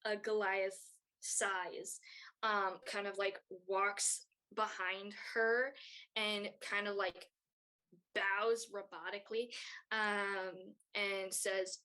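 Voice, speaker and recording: Woman game master, slow rambling narration, mid pitch. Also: flat delivery, pushed and bright, poor audio. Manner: rambling, many fillers.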